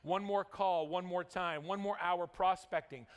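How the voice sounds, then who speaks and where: Upbeat guy from utah pumping up a convention crowd, higher voice, big hall echo. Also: measured pace, clear, resonant tone. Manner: energetic storytelling, rising and dropping for drama. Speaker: motivational speaker. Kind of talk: convention keynote speech. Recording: long hall reverb.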